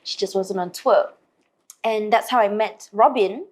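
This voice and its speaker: Telling stories as an interview guest, a female singer from Malaysia speaks in a mid-range voice, a little slowly. Her delivery is lively, and she voices other people's lines in put-on voices.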